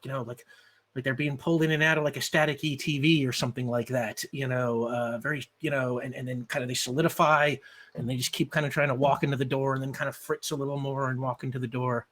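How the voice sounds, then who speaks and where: A man narrating a tabletop game as game master, halting and stacking repeated words and fillers. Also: medium pitch, fairly even intonation, a bit bright, slight background noise.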